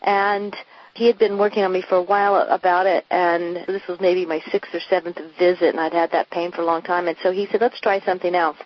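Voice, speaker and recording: A woman's voice: on the low side, level tone, brisk. A woman, a coach, telling her personal story candidly and earnestly, acting out the dialogue of the past. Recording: muffled lo-fi recording.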